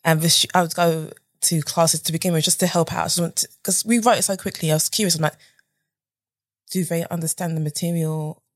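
This podcast guest, a young woman from the United Kingdom, lively recounts her career in a casual interview, mimicking people with whispers and dramatic pitch jumps. She speaks briskly in a slightly low, husky voice, and the close recording has no echo.

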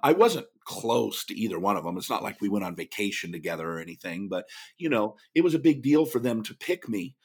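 A man's voice: on the low side, brisk, breathy edge. A man who speaks professionally, telling stories in a podcast interview and bringing the people in them to life with impressions. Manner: animated, does lively impressions of others. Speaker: guest speaker.

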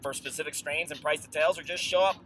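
A man casually reading a sponsor ad from inside a moving car. His voice is bright and forceful, and faint road noise runs underneath. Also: fairly high pitch, steady tone, fast talker. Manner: loose, offhand. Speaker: podcast co-host reading an ad. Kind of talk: casual ad read.

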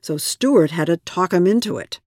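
A man narrating a news profile in a measured, scripted style. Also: high voice, expressive, a little mellow, no echo, studio quality.

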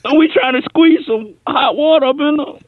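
A man's voice: very high-pitched, normal speed, slight background noise, voice pushed up. A man voicing a panicky, stammering young male caller who rambles about a family emergency at home. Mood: frantic. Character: frantic young man whose great-grandmother's dentures are stuck. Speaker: comedy character caller. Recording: dry, tinny phone-line sound.

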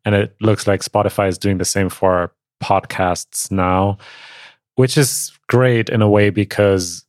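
Male co-host, lowish voice, very dry close sound, methodical explainer. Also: steady tone, unhurried, no echo. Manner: precise, explains word meanings, dry humor. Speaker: podcast co-host. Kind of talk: casual chat.

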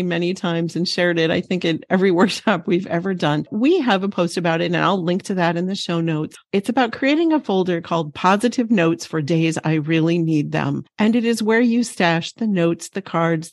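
A woman's voice: on the low side, darkish tone, dry recording, clean studio sound. A woman co-hosting a podcast for teachers, speaking in an earnest, encouraging way. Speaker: podcast co-host. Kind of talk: reflective podcast talk.

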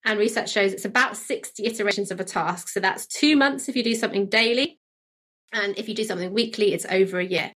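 A woman guest expert explaining her ideas in a calm, upbeat conversational way. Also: medium pitch, fast talker, slightly rough. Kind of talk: conversational interview.

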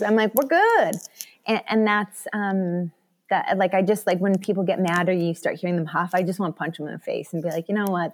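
A woman's voice: medium pitch, a little fast. A woman talking as a podcast guest, telling candid stories and acting out the voices of the people in them. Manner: animated storyteller who acts out quoted voices. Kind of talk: candid conversational interview.

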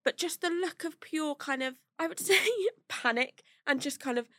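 Woman, high-pitched, animated podcast storyteller, close dry mic. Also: normal speed, no room sound. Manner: animated, laughs through a comic anecdote. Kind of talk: casual storytelling chat. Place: podcast studio.

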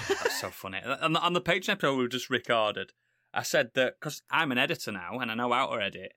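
A man's voice: mid-range voice, expressive, fairly quick, bright, forceful tone, no room sound, studio quality. Laughing man, swears freely. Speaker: podcast co-host. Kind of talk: casual banter.

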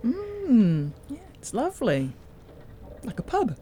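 A blunt, jumpy guest. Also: female voice, fairly high pitch, huge pitch swings, slow pace, mellow, soft background music, heavily acted. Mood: teasing. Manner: blunt and teasing. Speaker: visiting friend. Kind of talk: radio drama acting.

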